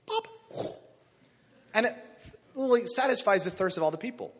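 High husky preacher guy, super animated, acts out the characters, big echoey hall. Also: brisk, long pauses. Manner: animated, acts out voices of biblical figures. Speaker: pastor. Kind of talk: sermon.

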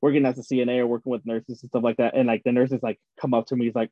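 A man's voice: mid-range voice, rapid-fire, no room sound. Guy telling stories with like a million "like"s, dry kinda muffled sound. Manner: filler-heavy, rambling, animated storyteller. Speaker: podcast co-host. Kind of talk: casual chat.

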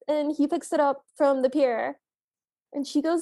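High-pitched lady podcaster, soft mellow tone, retelling movie bits. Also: a little slow, no echo, clean studio sound. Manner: animated retelling, quoting the characters' lines. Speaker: podcast co-host. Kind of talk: casual movie recap chat.

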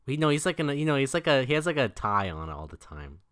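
Laid-back male co-host recapping a movie, lively pitch, bright tone, dry mic. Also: fast talker, dry recording. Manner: laid-back, recaps plot with filler words. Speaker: podcast co-host. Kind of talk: casual movie recap chat.

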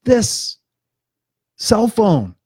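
A man's voice: high voice, huge pitch swings, very slow, mellow, husky, no echo, studio quality. A man giving an unscripted motivational talk as host of his own live stream, passionate and swearing freely, repeating points for emphasis.

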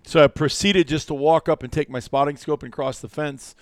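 A man's voice: on the high side, fairly quick, dry recording, clean studio sound. A man co-hosting a casual hunting podcast, telling stories and acting out what people said. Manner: animated storyteller acting out quotes. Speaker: podcast co-host.

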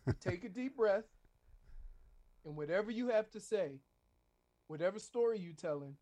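A man's voice: high-pitched, expressive, normal speed, mellow. Easygoing man. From Louisiana. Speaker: former football player, guest. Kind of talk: casual radio chat.

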